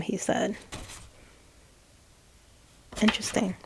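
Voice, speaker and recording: A woman tarot reader relaying channeled messages, slow and hesitant, with frequent ums and self-corrections. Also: mid-range voice, steady tone, vocal fry, husky.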